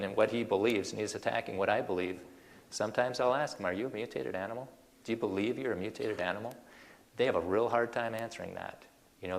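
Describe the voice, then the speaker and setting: Gravelly-voiced male speaker, animated and folksy, lots of rhetorical questions, long hall reverb. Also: lowish voice. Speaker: creationist speaker. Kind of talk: presentation to an audience.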